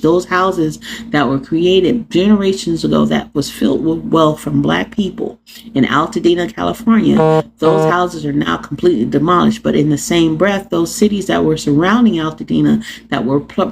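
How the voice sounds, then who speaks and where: A woman podcast host, talking to her live viewers in an animated, sarcastic way and laughing often. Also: low-pitched, gravelly, slight background noise. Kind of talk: live-streamed rant to viewers.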